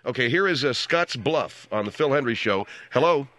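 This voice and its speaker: A male radio host runs his call-in show briskly and keeps firm control of his callers. His mid-pitched voice has a bright, sharp edge. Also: animated, slight background noise. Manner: brisk, takes charge of callers. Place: radio studio.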